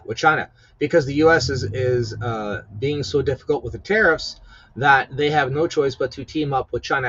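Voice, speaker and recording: A man's voice: medium pitch, a bit bright, husky. A man hosting a podcast, ranting casually about politics in a profane, rambling, mocking way. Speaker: podcast host. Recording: slightly dull lo-fi audio.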